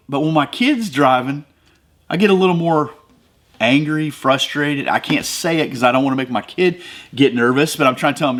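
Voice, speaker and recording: A man's voice: mid-range voice, a bit bright. A middle-aged man from the American Midwest hosting a devotional podcast, talking conversationally and building to emphatic, preacher-like runs. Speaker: podcast host.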